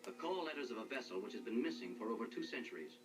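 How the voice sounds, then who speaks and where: A man's voice: medium pitch, very animated, recorded from a distance, soft background music, close to an everyday voice. A man playing a grave starship captain. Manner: measured, formal log narration. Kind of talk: 1960s TV drama acting. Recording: TV audio heard from across the room. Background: loud dramatic score.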